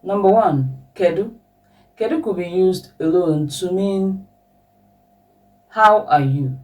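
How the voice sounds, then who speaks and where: A woman teaching a language lesson at a slow, patient pace, repeating each example question. Her voice sits a little low and sounds mellow. She is a little distant from the microphone. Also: faint music behind.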